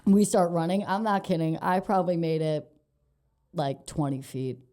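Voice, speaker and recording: A young woman with a mellow, warm tone and a slightly low voice talks through a story on a podcast. She swears freely, laughs easily and keeps the telling lively and loose. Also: normal speed. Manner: animated, profane, laughing storyteller. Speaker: comedian guest.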